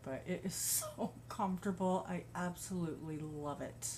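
A woman's voice: lowish voice, normal speed, a little mellow, slight background noise. A woman vlogger chatting casually about her crochet projects and yarn, gushing and laughing often. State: a bit out of breath. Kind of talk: casual show-and-tell chat.

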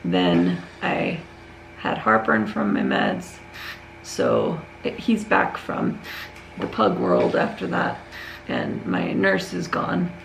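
A woman's voice: very deep voice, creaky, a little hiss or hum, low-quality recording. A tired woman talking candidly in a casual home vlog, telling a long rambling story with many restarts. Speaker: vlogger.

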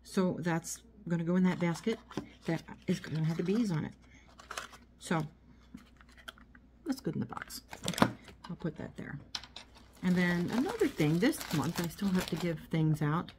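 A woman's voice: fairly low pitch, expressive, moderate pace, pauses often, background noise. A woman chatting casually as she unboxes and shows a haul of small items at home, rambling as she goes. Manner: chatty, rambling, talks while handling items. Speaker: vlogger. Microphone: phone. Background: crinkling packaging.

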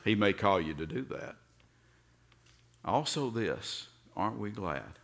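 Low-voiced Southern pastor preaching. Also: male voice, expressive, slow pace, creaky. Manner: storytelling, acts out voices with sudden loud outbursts. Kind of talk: sermon.

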